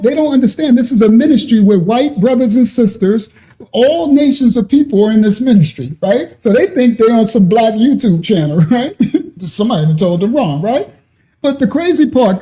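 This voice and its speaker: A man's voice: very high-pitched, dark tone. A man hosting a ministry channel, reacting to a clip and talking straight to commenters, laughing often.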